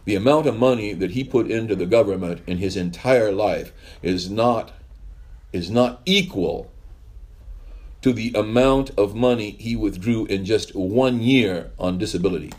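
A man's voice: fairly low pitch, normal speed, a little mellow. A male pastor giving a conversational sermon, telling stories in a rambling way with wry asides.

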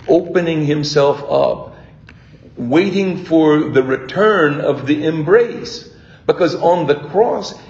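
Gravelly older priest preaching in a room. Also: male voice, on the high side, a little mellow, roomy sound, dull audio. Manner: reflective, halting with repeated restarts. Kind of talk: sermon.

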